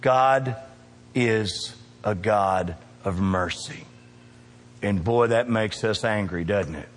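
A man's voice: lowish voice, slow, big-room sound. A male pastor preaching a sermon, emphatic and calling out to his congregation in a church. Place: church sanctuary.

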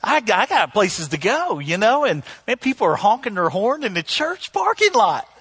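A middle-aged man preaching a sermon as pastor, telling stories with sudden loud bursts that drop back to soft, earnest lines. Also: high-pitched, very animated, moderate pace, breathy edge. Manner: storytelling with sudden loud outbursts, then soft.

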